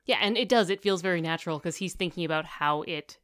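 Woman, podcast co-host, casual book discussion, agreeable, smooth voice, dry sound. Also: on the low side, fast talker, fairly bright tone, no echo. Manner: agreeable, often murmurs assent.

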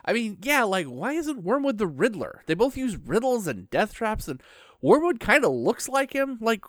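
A man's voice: high voice, big pitch swings, normal speed, no room sound, studio quality. A man co-hosting a podcast in casual chat, joking and sarcastic. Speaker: podcast co-host.

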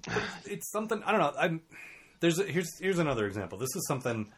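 A man's voice: a little high, very animated, quick pace, fairly bright tone, breathy edge. A man co-hosting a casual podcast chat, candid and rambling, swearing freely and laughing often. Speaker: podcast co-host.

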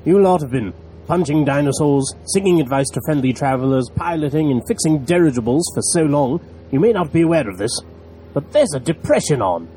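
A man playing a pompous spymaster in a 1930s-style radio serial, with a brisk, dismissive manner. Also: a little high, lively intonation, warm tone, slight background noise, natural voice. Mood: blustery. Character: pompous British spymaster, middle-aged man.

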